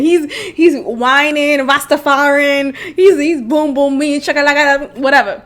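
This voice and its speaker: Podcast host: thirty-year-old woman, high-pitched, animated and giggly in a loose comedic monologue. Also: measured pace, few pauses. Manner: laughs often, animated and chatty.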